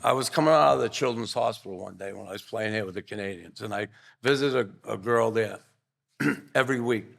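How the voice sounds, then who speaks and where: Older male guest, gravelly voice, earnest, rambling anecdotes with restarts. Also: lowish voice, a little fast, a bit bright. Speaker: guest, former pro hockey player. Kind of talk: casual interview storytelling.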